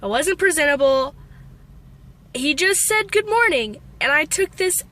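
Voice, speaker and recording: Young Texan woman vlogger, American accent, self-mocking storyteller, sharp voice. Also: high-pitched, measured pace. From Texas. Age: young adult. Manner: self-deprecating, animated storytelling. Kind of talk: storytelling vlog.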